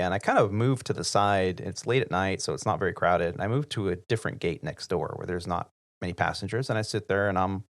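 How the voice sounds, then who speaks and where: A man's voice: fairly low pitch, dry recording, studio quality. A man, an airline pilot, telling a casual story on a podcast and acting out the other people's lines. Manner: lively anecdote-teller who acts out others' lines.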